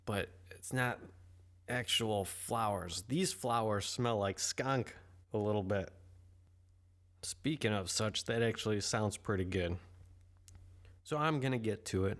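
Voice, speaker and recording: A man's voice: lowish voice, measured pace, pauses often. Rambling, candid male podcast host. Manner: rambling, candid, self-deprecating. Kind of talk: casual solo podcast monologue.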